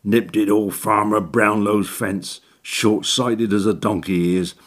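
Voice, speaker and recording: A man's voice: on the low side, fairly even intonation, a little slow. A man voicing a crafty old male church handyman who talks in broad working-class slang. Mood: sly.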